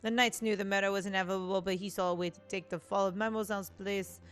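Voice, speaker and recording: A woman's voice: medium pitch, steady tone, fast talker, clean tone, soft background music, close to an everyday voice. A woman voicing a scheming male prisoner who fakes a foreign prince, theatrical and evasive, with a put-on accent. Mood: storytelling. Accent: put-on Spanish then French.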